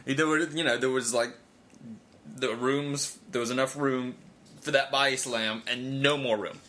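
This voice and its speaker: A man's voice: medium pitch, steady tone, unhurried, sharp tone. A man co-hosting a casual talk show, chatty and full of fillers, laughing easily. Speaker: podcast co-host. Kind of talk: casual chat.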